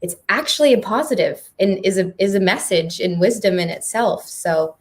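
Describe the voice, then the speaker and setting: A woman's voice: medium pitch, expressive, normal speed. A woman moderating a live panel conversation on stage. She speaks in an earnest, heartfelt way and laughs often. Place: performing arts centre stage.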